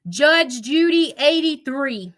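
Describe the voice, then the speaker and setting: Speaking slowly but animatedly, this middle-aged livestream host has a high, fairly bright voice. She rants with profanity and aggression, talking straight to her chat and to critics who aren't there.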